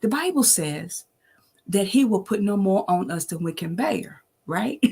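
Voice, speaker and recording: A woman's voice: medium pitch, expressive, unhurried, gravelly, a little mellow, breathy edge. A woman in her sixties giving a preachy, familiar faith talk on a livestream, greeting viewers by name and laughing often. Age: 60s. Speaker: host of an online inspirational show.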